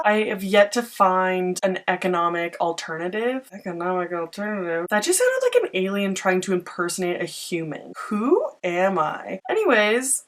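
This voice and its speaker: Chatty young woman doing a makeup tutorial. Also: medium pitch. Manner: chatty, self-mocking asides. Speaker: beauty vlogger.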